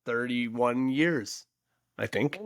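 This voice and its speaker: Forties male podcast co-host, casual animated storyteller, mid-pitched. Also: extremely slow, no room sound, clean studio sound. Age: 40s. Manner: animated storyteller, acts out quoted voices.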